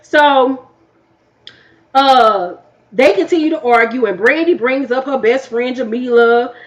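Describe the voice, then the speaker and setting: A woman recapping a reality TV episode in a blunt, profane, animated way, her voice getting worn from talking all afternoon. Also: high voice, unhurried, muffled recording. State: losing her voice. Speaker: YouTube reviewer. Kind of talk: casual TV recap.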